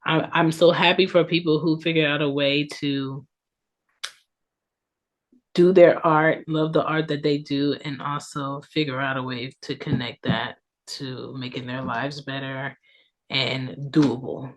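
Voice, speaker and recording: This is a casual solo podcast episode from a woman in her thirties who leans on ums and tag questions. Her low voice moves at a measured pace with fairly even intonation, and it's congested from allergies.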